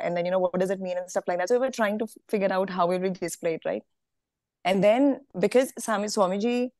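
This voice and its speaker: A woman's voice: medium pitch, darkish tone, no room sound. A woman with an Indian English accent on a video call, earnestly sharing a personal devotional experience with many fillers and restarts.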